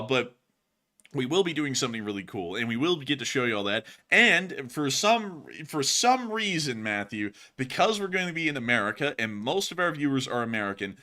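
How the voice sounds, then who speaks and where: A man hosting a casual live stream, rambling and animated with frequent fillers. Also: medium pitch. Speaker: host of war news stream.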